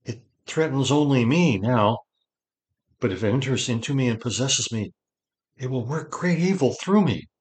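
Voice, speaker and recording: A man's voice: medium pitch, lively intonation, normal speed, a little mellow, voice pushed up, natural voice, poor audio. A man reading an audiobook gives voice to an anxious young male wizard, speaking in a tense, pleading way that rises with fear. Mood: troubled.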